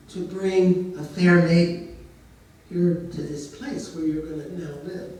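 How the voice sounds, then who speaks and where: A man's voice: a little high, normal speed, dark tone, very echoey, distant mic, low-quality recording. A man telling a story in a casual way, now and then putting on voices for the characters. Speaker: storyteller and therapist.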